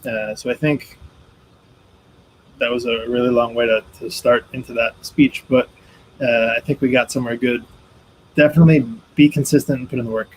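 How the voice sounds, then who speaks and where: Male co-host, average pitch, hesitant rambling delivery; light background noise. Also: steady tone, normal speed, pauses often, poor audio. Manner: rambling, many ums and restarts. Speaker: co-host, behind-the-scenes guy. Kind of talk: casual live chat.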